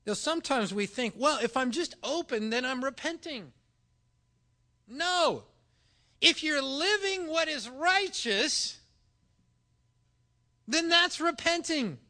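A man preaching with a high, bright voice. He tells stories animatedly, acting out both sides of a conversation. The voice stays clear and forward throughout. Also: takes it slowly, pauses often. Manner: animated storytelling, acting out dialogue. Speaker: pastor. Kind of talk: sermon with personal story.

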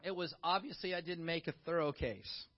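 A middle-aged man preaching a sermon in a conversational, animated way, full of rhetorical questions to the congregation. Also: a little high, a little fast. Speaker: pastor. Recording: dull lo-fi sound.

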